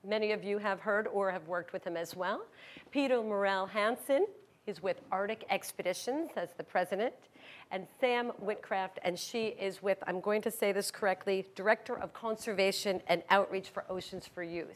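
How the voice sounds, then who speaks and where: A woman's voice: medium pitch, normal speed. Woman moderating a conference panel. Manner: upbeat, laughs lightly, self-correcting. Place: conference room.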